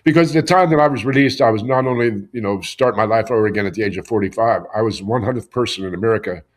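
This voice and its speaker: A man's voice: lowish voice, very fast. A middle-aged man from Pennsylvania telling his own story in a podcast interview, earnest and often repeating words as he starts a sentence. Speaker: interview guest. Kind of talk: conversational storytelling.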